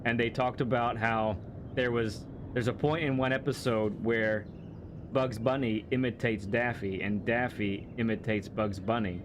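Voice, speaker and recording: A man streaming a racing game chats in an unhurried, steady, mid-range voice, enthusiastic and casual, with lots of rambling, restarts and laughs. Background noise can be heard.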